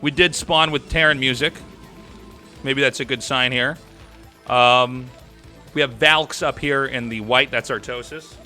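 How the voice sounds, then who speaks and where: A man's voice: mid-range voice, fairly even intonation, a little slow, long pauses, sharp tone, soft background music. A man hosting a live game stream in a casual, chatty way, thanking subscribers and swearing now and then. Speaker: stream host and caster.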